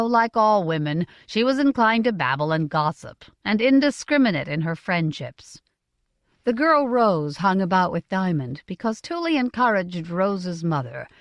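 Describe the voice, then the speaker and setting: An audiobook narrator, a woman, reads a fantasy novel in a scripted, smooth, expressive storytelling style. Her pitch moves up and down in a lively way, and the close, dry recording has no room sound.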